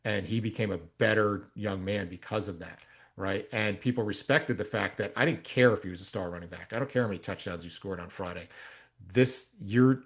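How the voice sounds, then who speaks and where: A man co-hosting a coaching podcast, telling stories in a casual, animated way and rising loud when he quotes himself. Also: on the low side. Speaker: strength coach and podcast co-host.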